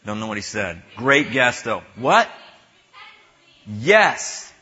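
A man giving a conversational sermon as pastor, halting and chatty, joking back and forth with his audience. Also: lowish voice, big pitch swings, bright, forceful tone, slightly rough. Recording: muffled lo-fi recording.

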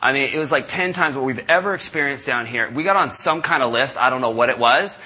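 A middle-aged man preaching, telling a story with lively asides and acting out the people in it. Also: mid-range voice, fast, slightly rough. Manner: animated, acts out callers in raised voices. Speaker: pastor. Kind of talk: sermon storytelling. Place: church service.

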